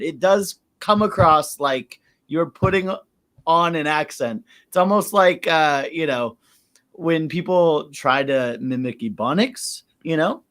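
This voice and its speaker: A man's voice: a little high, fairly bright tone. A man with a somewhat raised voice talking through a song review, swearing freely and laughing along. He keeps it casual and offhand. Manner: profane, laughing, loose. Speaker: music reviewer.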